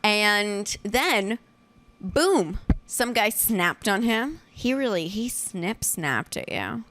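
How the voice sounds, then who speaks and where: A woman's voice: mid-range voice, expressive, slow, fairly bright tone, slight background noise. A woman in her twenties hosting a casual comedy podcast, brash and teasing with crude jokes. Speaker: podcast host.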